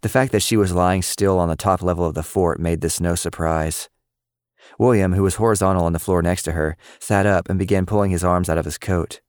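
A man narrates a story at a steady, even pace. His voice is low and smooth, and the recording is close and dry with no room sound. The delivery is plain storytelling. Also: fairly quick, no room sound. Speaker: audiobook narrator. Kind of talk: scripted narration.

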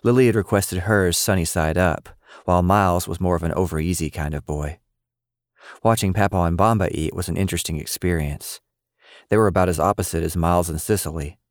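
A man narrating a scripted audio story in a steady, even manner. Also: low-pitched, dry recording, studio quality.

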